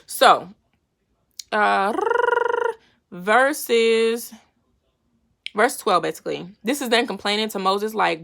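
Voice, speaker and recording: A woman's voice: medium pitch, expressive, slow, gravelly, long pauses, a bit bright. A woman giving a casual, slangy Bible lesson to her viewers and retelling scripture in everyday talk. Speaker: faith vlogger teaching a Bible lesson.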